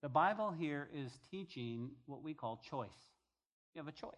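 A man's voice: fairly high pitch, lively intonation, normal speed, fairly bright tone. A male pastor giving a conversational sermon, reading scripture aloud and paraphrasing it in everyday speech.

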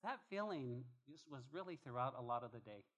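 A man preaching a sermon as pastor, emphatic and animated, often repeating phrases as he drives a point home. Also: medium pitch, brisk. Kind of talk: expository sermon.

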